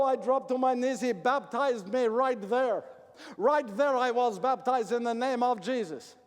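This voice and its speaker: Man, very high voice, dramatic first-person storyteller, echoey hall, faint music underneath. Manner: dramatic, repeats phrases for emphasis, raises voice when calling out. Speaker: actor portraying a biblical figure.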